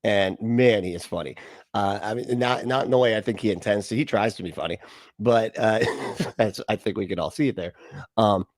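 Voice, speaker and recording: Low-voiced wry male streamer. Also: normal speed, no room sound, studio quality. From lives in Florida. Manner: wry, rambling, laughing asides. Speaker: host. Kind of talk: casual reaction commentary.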